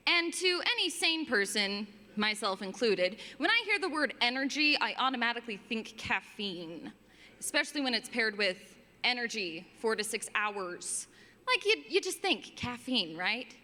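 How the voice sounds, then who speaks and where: Young woman, stand-up comedy, lively swooping pitch, bright edge, long hall reverb. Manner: animated, acts out customers in high exasperated voices. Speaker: stand-up comic.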